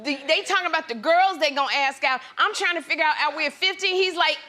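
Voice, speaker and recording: A woman guest-hosting a talk show, telling a comic story in an animated way and acting out the quotes herself. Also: sits high, brisk, hardly any pauses, some chatter behind. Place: TV studio with live audience.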